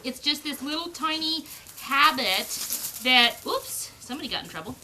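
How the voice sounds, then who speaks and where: A woman's voice: high voice, lively intonation, moderate pace, sharp tone, slight background noise. A woman breeder chatting casually outdoors about raising puppies, slipping into sing-song baby talk with the pups as she handles them. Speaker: dog breeder. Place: outdoors on a farm.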